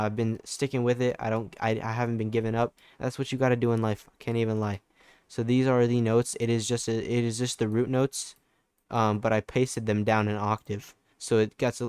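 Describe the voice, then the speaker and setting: A man's voice: medium pitch, darkish tone, smooth, no room sound. A young man giving a casual, laid-back music production tutorial, loose and full of fillers and restarts. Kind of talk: casual screen-recorded tutorial.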